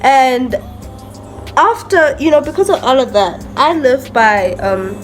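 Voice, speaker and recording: A woman's voice: sits high, lively intonation, slow, soft background music. A young woman vlogger telling a story in a chatty, self-mocking way, full of "like" and "literally". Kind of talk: casual storytime monologue.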